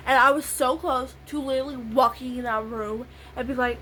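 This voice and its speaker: Her voice sits high and sounds pushed and bright, steady in tone, at a moderate pace with few pauses. While applying makeup, she rambles casually through a long story, repeating "literally" and "I was like" over and over. The audio quality is poor.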